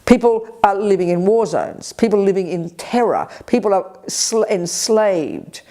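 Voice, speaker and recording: A woman giving a spirited, blunt Buddhist teaching at a retreat, with quick asides and colloquial swearing. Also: medium pitch, dark tone. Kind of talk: dharma teaching to a live group. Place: retreat center hall.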